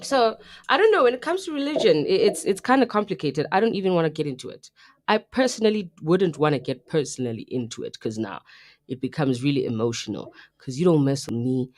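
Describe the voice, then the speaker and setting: Animated South African woman co-host. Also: low voice, a little fast. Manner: chatty, animated storytelling, mixing in local phrases. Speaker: radio co-host. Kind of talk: casual live radio chat.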